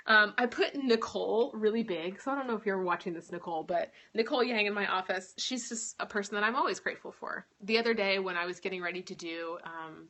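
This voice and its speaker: A woman's voice: medium pitch, sharp tone. A young woman hosting a casual live stream, talking earnestly about her faith, with frequent ums and little laughs. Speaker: live-stream host and author.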